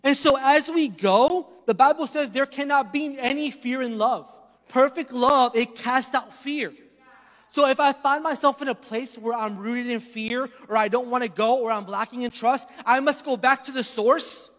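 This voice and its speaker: Guy preaching in a church, really high voice, gets loud then drops way down, big echoey hall. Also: steady tone, moderate pace. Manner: storytelling preacher, swings from loud emphasis to hushed asides. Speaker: pastor. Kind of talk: sermon. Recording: long hall reverb.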